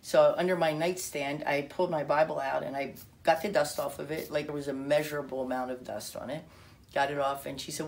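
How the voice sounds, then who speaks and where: A woman's voice: low voice, fairly even intonation, brisk, vocal fry. A woman telling a personal testimony story, acting out quoted dialogue with frequent restarts. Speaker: speaker telling her testimony.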